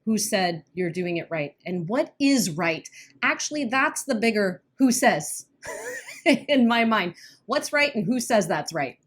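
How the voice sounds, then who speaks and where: A woman's voice: mid-range voice, very animated, husky. A woman co-hosting a podcast as a weight-loss coach, talking earnestly in casual chat and often laughing nervously. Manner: earnest, laughs when uneasy, quick bursts.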